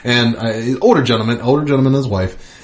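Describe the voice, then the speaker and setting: A man's voice: medium pitch, fast talker. A man co-hosting a casual podcast, telling a story loosely with many fillers and restarts. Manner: rambling, lots of fillers and restarts. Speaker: podcast co-host.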